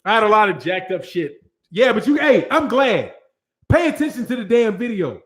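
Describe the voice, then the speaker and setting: A man's voice: high voice, sing-song, normal speed. A man hosting a boxing channel livestream. He reads out viewer chat and talks to viewers in a casual, slangy, profane way. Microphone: studio microphone with several cameras.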